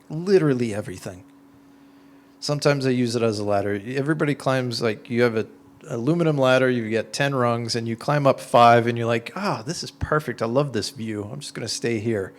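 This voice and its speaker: A man answering audience questions in an informal talk, explaining his ideas through conversational, animated everyday examples with lots of "like"s. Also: mid-range voice. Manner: conversational, animated storytelling with many "like"s.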